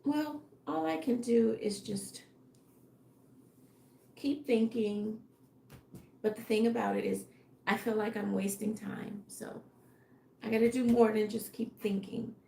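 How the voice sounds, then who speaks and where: A woman, a fashion designer, musing aloud in a casual live stream with a tired, fading voice, halting and unsure of her next step. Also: a little high, steady tone, warm tone, slight background noise. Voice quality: gravelly. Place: home workroom. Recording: echoey room.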